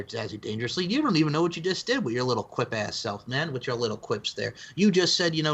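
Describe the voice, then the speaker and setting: A man co-hosting a casual wrestling podcast, animated and slangy, laughing and swearing as he talks. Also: medium pitch, quick pace, hardly any pauses, husky. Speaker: podcast co-host. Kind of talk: casual chat.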